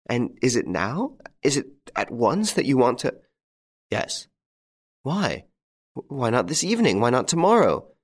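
A man reading aloud, voicing a frightened young wife who pleads in a higher, breathless voice. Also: a little slow, pauses often, dry recording, studio quality. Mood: anxious.

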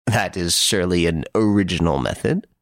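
A man reading an audiobook, voicing a serious, patient police detective who speaks in a slow, measured way. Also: low voice, lively intonation, dry recording, clean studio sound. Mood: earnest.

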